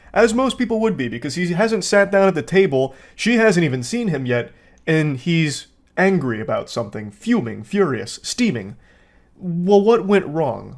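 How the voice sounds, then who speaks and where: A man hosting comedic commentary, reading out text messages with sarcastic, dry, mocking asides. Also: mid-range voice. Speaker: host.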